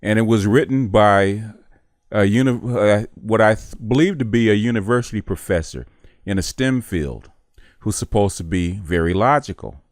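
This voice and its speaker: A man hosting his own channel, commenting in a measured way with frequent pauses. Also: lowish voice, lively intonation, no room sound, studio quality. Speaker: channel host. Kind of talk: casual video commentary.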